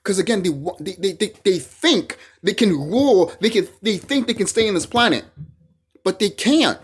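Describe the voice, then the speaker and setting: Vlogger, ranting solo to camera: husky voice, pitch swinging wide, profane and repetitive. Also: expressive, moderate pace. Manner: heated, profane, repeats phrases and restarts.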